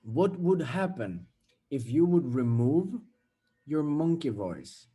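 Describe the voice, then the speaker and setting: A man's voice: on the high side, very animated, slow pace, warm tone, breathy edge. A young man giving a casual, blunt motivational talk, swearing freely and acting out everyday scenes. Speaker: self-development vlogger.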